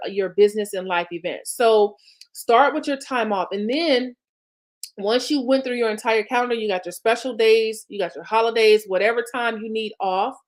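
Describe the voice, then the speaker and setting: A woman business coach, talking viewers through planning in a chatty, encouraging way. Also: medium pitch. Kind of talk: live-streamed coaching talk.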